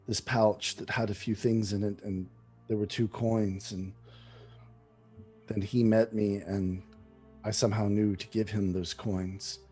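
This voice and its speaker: A man's voice: fairly low pitch, husky. A man voicing a frightened peasant woman. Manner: soft, apologetic, halting. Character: frightened young peasant woman, newly dead.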